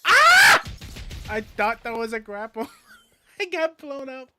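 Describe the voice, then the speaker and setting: A man in his thirties chatting casually while streaming a game, rambling and excitable, swearing and filling with lots of "like". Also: very high voice, a little slow, noisy background. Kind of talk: casual gaming stream chat.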